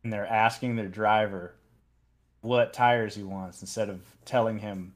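A man's voice: lowish voice, steady tone, normal speed. A man co-hosting a casual motorsport podcast, explaining with exasperation. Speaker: podcast co-host. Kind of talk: casual chat.

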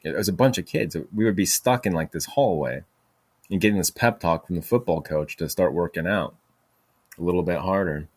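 A man's voice: low voice, fairly quick, a little mellow, slightly rough, no room sound. A man hosting a podcast, telling stories in a rambling way with many fillers and restarts. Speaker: podcast host. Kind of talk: casual storytelling monologue.

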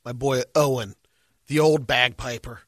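A man's voice: mid-range voice, fairly even intonation, unhurried, a bit bright, no echo, clean studio sound. A man on a radio show, earnestly insisting on his point and paying tribute to a friend. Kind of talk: morning radio banter.

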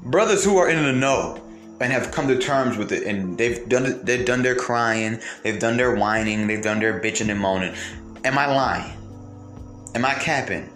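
A man's voice: medium pitch, moderate pace, fairly bright tone. Heated man ranting in a roomy space. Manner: heated, profane, full of rhetorical questions. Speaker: commentator. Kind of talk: ranting monologue to viewers. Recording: roomy echo, faint music behind.

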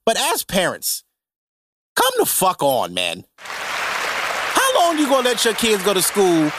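High-voiced man ranting with profanity. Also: slow, crowd noise, background noise. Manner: profane, animated, heavy slang. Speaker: podcast host. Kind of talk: casual comedic rant.

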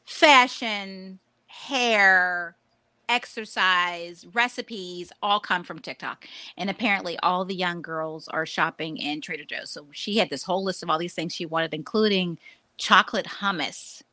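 A woman in her forties co-hosting a casual podcast chat, talkative and laughing often, acting out lively quoted voices. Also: on the low side, a little slow, dry recording. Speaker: podcast co-host.

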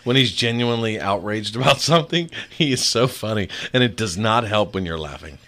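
A man co-hosting a casual podcast chat, an animated storyteller who laughs often. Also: lowish voice, brisk. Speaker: podcast co-host.

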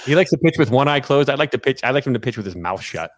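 A man's voice: mid-range voice, expressive, quick pace, no echo. A man co-hosting a podcast, riffing and joking with profanity in casual sports chat. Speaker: podcast co-host.

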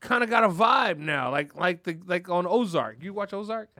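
A man co-hosting a podcast, telling stories in a loud, animated, profane way and laughing often. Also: high voice, normal speed. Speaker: podcast co-host. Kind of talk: casual chat.

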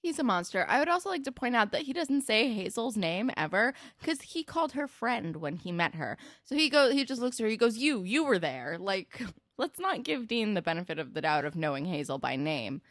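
A woman co-hosting a casual podcast, recapping a TV episode and acting out the characters' lines in quick asides. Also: mid-range voice, big pitch swings, fairly bright tone, no room sound, studio quality. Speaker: podcast co-host.

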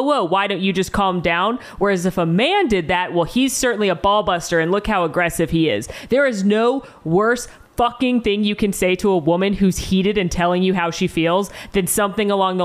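A young woman co-hosts a casual movie podcast. She retells scenes with energy, swears without a second thought and slips into the characters' voices as she quotes them. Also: mid-range voice. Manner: animated, swears freely, acts out quotes. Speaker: podcast co-host. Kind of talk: casual movie recap chat.

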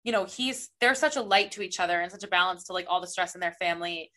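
A woman's voice: lowish voice, fast talker, fairly bright tone. A woman co-hosting a podcast, recapping a novel in a casual, enthusiastic ramble. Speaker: podcast co-host. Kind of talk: casual book chat.

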